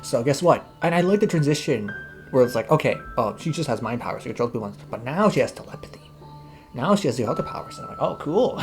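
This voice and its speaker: A young man rattles through a casual movie review at a very fast clip, gushing and tearful, his voice catching as he cries. Faint guitar music plays underneath. His pitch sits in an ordinary middle range. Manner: excited, gushing, tearful, says bro. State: crying.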